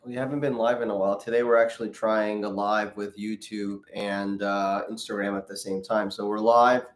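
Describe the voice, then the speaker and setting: A man's voice: on the low side, moderate pace. Man in a roomy echo, joking Q&A host. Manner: relaxed, joking, greets viewers by name. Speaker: plastic surgeon hosting a live Q&A. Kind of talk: casual live-stream chat, reading viewer comments aloud.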